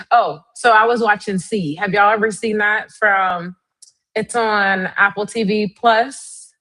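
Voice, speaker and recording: Chatty woman hosting a live stream. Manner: chatty, addresses viewers directly; lively, swings up high in pitch. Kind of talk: casual live-stream chat.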